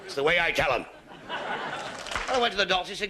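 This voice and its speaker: A middle-aged man with a Manchester accent doing stand-up, telling jokes in a deadpan storytelling way. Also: a little high, fast talker, long pauses, slight background noise. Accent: Mancunian. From Manchester, England. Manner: deadpan storyteller, chains "he said" through dialogue. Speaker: stand-up comedian.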